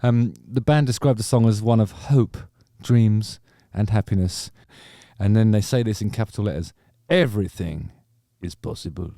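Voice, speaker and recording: A man's voice: on the low side, steady tone, normal speed, mellow, no room sound, studio quality. A man hosting a music channel, reacting to songs in a rambling, hesitant casual commentary full of ums.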